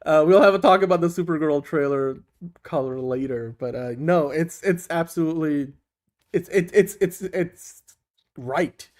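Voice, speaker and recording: A man's voice: on the high side, normal speed. A man co-hosting a casual online talk show, upbeat and laughing often, with frequent restarts. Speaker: co-host. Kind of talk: casual chat.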